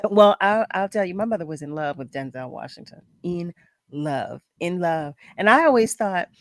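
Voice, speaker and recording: A woman's voice: fairly low pitch, lively intonation, normal speed, no room sound. A woman hosting a radio talk show, telling candid stories and laughing often in casual chat. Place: broadcast studio.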